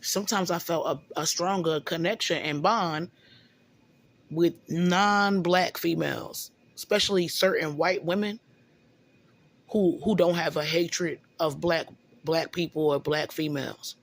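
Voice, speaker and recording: A woman's voice: on the low side, steady tone, a little slow. A woman venting in a casual monologue, rambling and often stumbling over repeated words. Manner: rambling, repeats words, often says "you know what I'm saying".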